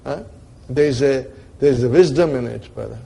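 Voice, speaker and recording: A man's voice: medium pitch, normal speed, gravelly, mellow, slightly rough. A man teaching a grammar class, explaining step by step with rhetorical questions and often checking that his students are following him. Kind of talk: classroom lecture.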